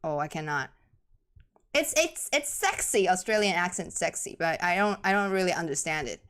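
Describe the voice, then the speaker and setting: A woman from Taiwan with a Taiwanese accent, a native Mandarin speaker, doing chatty, excitable live esports commentary in English. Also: lowish voice. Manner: excitable, chatty, quick to laugh and gasp. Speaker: esports caster.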